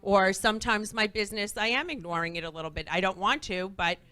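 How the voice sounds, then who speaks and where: A woman guest in a talk-show interview before a live audience, telling stories with lively energy and acting out the dialogue. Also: mid-range voice, fast, dry recording. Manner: animated, acts out quoted dialogue.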